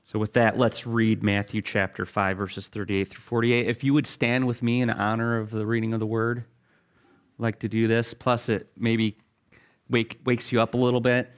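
A man's voice: on the low side, little pitch movement, normal speed, clear, resonant tone. A man preaching a sermon as a pastor in a church sanctuary, in an earnest, conversational way with frequent restarts and fillers.

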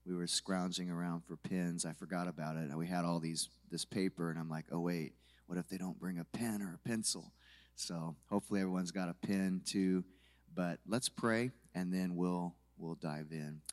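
A man teaching a church conference session in a relaxed, chatty way, his voice low and rough from the early morning. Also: normal speed. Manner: relaxed, chatty, many fillers. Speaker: conference speaker, worship leader. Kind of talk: casual teaching talk to a church audience. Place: church hall.

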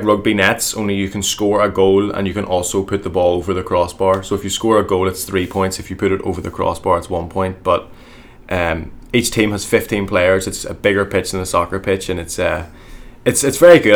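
Deep-voiced young Northern Irish man. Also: a little fast. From Northern Ireland. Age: young adult. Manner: relaxed, frequent ums, modest. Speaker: guest. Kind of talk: casual interview chat.

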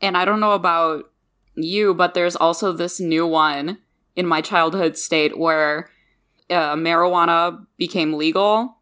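A woman from the Midwest whose first language was not English talks on a casual podcast in a slightly low voice. She tells stories in an animated, chatty way. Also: measured pace. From Midwest of the United States. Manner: chatty, animated storytelling with laughs. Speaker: podcast co-host. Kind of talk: casual chat.

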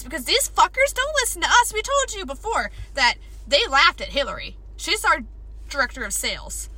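Female co-host, animated and profane storyteller, wide-ranging pitch. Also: normal speed. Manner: swearing, animated storytelling, frequent laughs. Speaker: podcast co-host. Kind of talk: casual chat.

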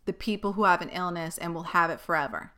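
A woman's voice: lowish voice, fast talker, bright, forceful tone. A young woman podcast host speaking candidly and bluntly, with frequent swearing and emphatic delivery. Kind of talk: candid personal monologue.

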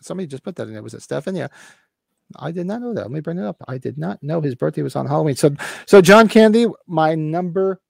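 A man's voice: a little high, animated, fast, vocal fry, no echo. A man in his fifties hosting a casual podcast, talking with rambling enthusiasm and swearing freely. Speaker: podcast host.

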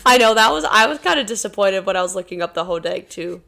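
A woman's voice: mid-range voice, animated, quick pace, gravelly, pushed and bright. Chatty woman podcast co-host. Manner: chatty and laughing easily. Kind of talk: casual chat.

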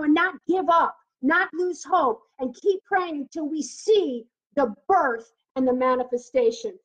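Woman preacher, very high voice, fervent scripture teaching, muffled lo-fi audio. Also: a bit bright. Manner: reads scripture aloud and comments on it fervently. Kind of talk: teaching on prayer. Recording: dull lo-fi recording.

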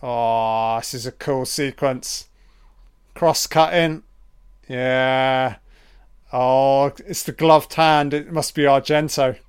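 A man giving a casual, profane running commentary on a film, reacting loudly to what is on screen. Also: mid-range voice, fairly even intonation, slow pace, clear, resonant tone.

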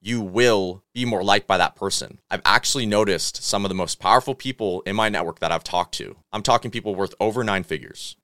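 Deep-voiced man hosting a podcast. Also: a bit bright, no room sound, studio quality. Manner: earnest, coaching tone. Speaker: podcast host. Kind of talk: solo podcast monologue.

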